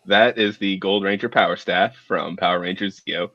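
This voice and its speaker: A man's voice: low voice, fairly even intonation, normal speed, dry recording, highs cut off. A man calling in to a talk show, chatting casually in a laid-back, friendly way. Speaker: caller. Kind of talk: casual chat.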